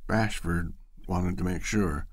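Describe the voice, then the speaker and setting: A man narrating a classic story in an expressive, storytelling manner. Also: low voice, takes it slowly, no room sound.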